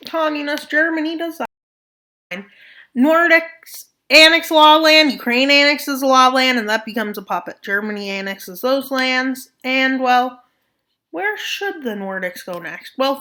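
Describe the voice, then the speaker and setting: Over a map scenario, a woman offers casual commentary in a slightly bright, mid-range voice, cracking jokes and slipping into playful mock voices. There is a little hiss or hum in the audio.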